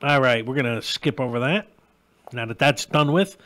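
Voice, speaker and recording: A man's voice: medium pitch, normal speed, fairly bright tone. A middle-aged man hosting a live-stream show, ranting bluntly and crudely and greeting viewers as they join. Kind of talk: live-stream rant and chat.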